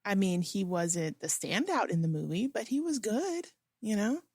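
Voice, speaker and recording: A woman's voice: medium pitch, sing-song, moderate pace, darkish tone, breathy edge, dry recording, clean studio sound. A woman co-hosting a movie podcast, talking casually and thoughtfully, often hedging her points. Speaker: podcast co-host.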